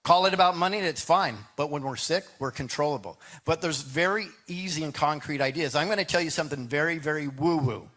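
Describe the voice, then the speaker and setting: A man's voice: fairly high pitch, brisk, few pauses, a bit bright. A man gives a debate answer in a loose, rambling way. He restarts his sentences and keeps tossing in "right?" to the crowd. His voice sits a little above the usual male range. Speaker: political candidate.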